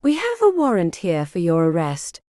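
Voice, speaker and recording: A cold, officious male captain reading out arrest orders in a clipped, formal tone, as a woman narrating puts him on. The pitch moves freely across lines. The sound is dry and close. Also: wildly swooping pitch, moderate pace, warm tone, no room sound.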